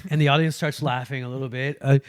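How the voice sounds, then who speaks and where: A man's voice: mid-range voice, fast talker, clean tone, no echo, studio quality. A man, a guest comedian, chatting casually on a podcast and acting out quotes as he tells stories. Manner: animated storyteller, acts out quotes.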